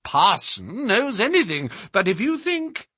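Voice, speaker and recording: A man's voice: high voice, wildly swooping pitch, a little slow, bright, forceful tone, husky, dry recording, clean studio sound, pitched above the performer's own voice, exaggerated voice. A man voicing a sullen, miserly older man who speaks in a querulous, grudging way.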